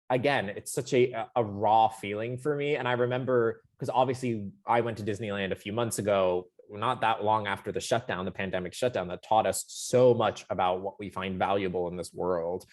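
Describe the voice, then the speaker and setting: Emotional, rambling man with a low voice. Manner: emotional, rambling storytelling with restarts. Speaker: podcast co-host. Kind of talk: casual chat.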